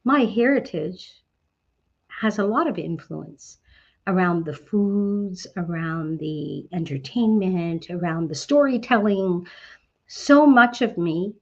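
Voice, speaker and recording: A Canadian woman giving a motivational talk to a business network. She is outgoing and animated, and she often asks questions and then answers them herself. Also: on the low side, slow pace, muffled recording.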